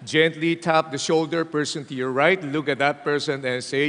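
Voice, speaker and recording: An animated Filipino pastor preaching to a crowd. His voice sits fairly high for a man, and he speaks with emphatic energy. A long hall reverb trails after every phrase. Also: moderate pace. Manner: animated preaching, mixing English and Tagalog, addressing the hall. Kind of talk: sermon. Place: large hall.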